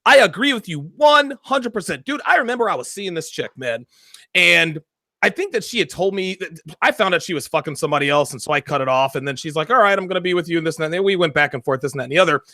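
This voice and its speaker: A man's voice: sits high, fast, no echo, studio quality. A man hosting a casual podcast conversation, telling blunt, profane stories. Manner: animated, profane storytelling. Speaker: podcast host.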